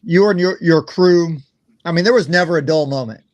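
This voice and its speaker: Male co-host, slightly high voice, loose rambling chat. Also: moderate pace, muffled recording. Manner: rambling, laughs easily. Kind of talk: casual chat.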